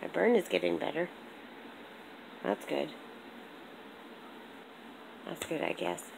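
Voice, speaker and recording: A young woman chatting on a home vlog, rambling and animated, with a congested throat. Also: fairly low pitch, slow pace, gravelly, background noise. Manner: rambling, animated storytelling with lots of "like". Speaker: vlogger. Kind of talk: casual vlog chat.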